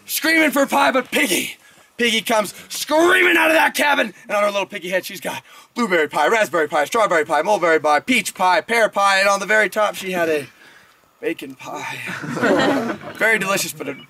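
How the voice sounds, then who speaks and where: A young man telling a comedic camp story outdoors, animated and jokey, bantering with the audience. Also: sits high, fairly quick, vocal fry.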